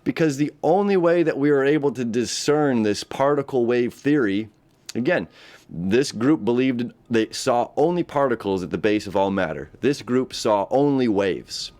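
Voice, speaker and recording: A man's voice: medium pitch, expressive, moderate pace, a little mellow. A man, hosting a casual astrology talk, rambling and repeating himself, and often laughing. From United States. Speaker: astrology host. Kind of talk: casual spoken horoscope talk. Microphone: camera setup.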